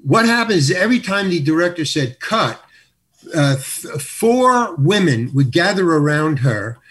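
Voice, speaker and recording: Husky older man telling show-business stories. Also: a little high, big pitch swings, normal speed, fairly bright tone. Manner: rambling, self-interrupting, wry. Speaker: guest, comedian. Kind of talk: anecdotal storytelling.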